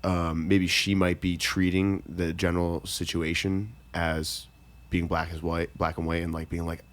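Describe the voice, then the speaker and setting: A man's voice: low voice, little pitch movement, normal speed. A young man co-hosting a podcast, talking in a supportive, hesitant way with many fillers. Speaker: podcast co-host. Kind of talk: casual podcast chat.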